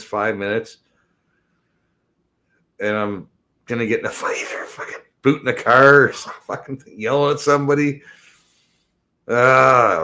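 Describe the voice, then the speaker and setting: A man's voice: fairly low pitch, a bit bright. A man reacting to online clips in casual, profane commentary, a bit mumbled, laughing and swearing often. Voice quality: slightly mumbled speech.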